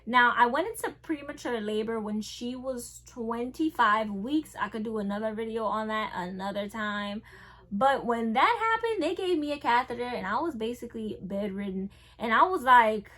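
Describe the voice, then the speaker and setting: A young woman, telling a casual storytime vlog. She swings between hushed and loud. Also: on the high side, lively intonation, moderate pace. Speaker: vlogger.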